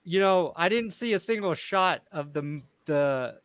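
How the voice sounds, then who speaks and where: Excitable high-voiced man. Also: measured pace, smooth. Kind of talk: casual panel chat.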